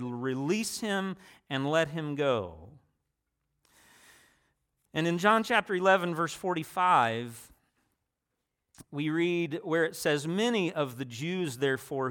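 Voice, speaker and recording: A man's voice: medium pitch, a bit bright, smooth. A man preaching a sermon, reading scripture aloud and explaining it, with rising emphasis on the quoted words.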